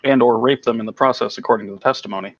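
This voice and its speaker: A man's voice: mid-range voice, fairly even intonation, very fast, no echo. Wry man on dull lo-fi call audio. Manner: wry, teasing remarks. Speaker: watch-along participant. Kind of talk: casual chat over a voice call.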